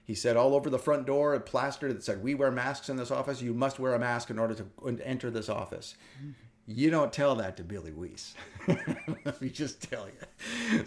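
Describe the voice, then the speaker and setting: A middle-aged man from the United States hosting a casual wellness talk, telling stories with animated energy and frequent laughter. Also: mid-range voice. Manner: animated storytelling, laughs often. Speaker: wellness show host. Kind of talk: casual chat.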